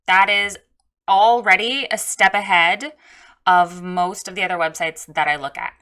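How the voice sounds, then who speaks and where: A woman's voice: mid-range voice, fairly even intonation, measured pace, pushed and bright. A woman coaching a photographer on her website in a casual spoken critique, frank and direct.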